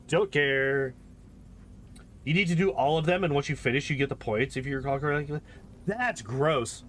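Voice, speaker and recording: A man's voice: a little high, moderate pace, a bit bright, a little hiss or hum. A man giving casual, joking gameplay commentary with sarcastic asides and casual swearing. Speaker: gameplay host.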